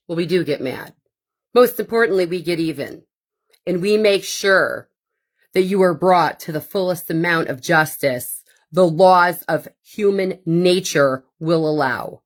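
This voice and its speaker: A woman hosting her own podcast, delivering a blunt, profane and combative monologue with sarcastic asides. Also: lowish voice. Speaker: podcast host. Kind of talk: ranting monologue.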